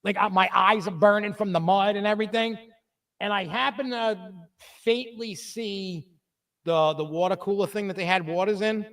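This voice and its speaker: A man with a high voice tells his stories with energy and drops lower to act out the people he quotes. He sounds a bit distant from the microphone, as if seated back from it, in a relaxed podcast chat. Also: normal speed. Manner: animated storyteller, acts out quotes in a lower voice. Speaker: podcast host. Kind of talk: casual chat, telling stories.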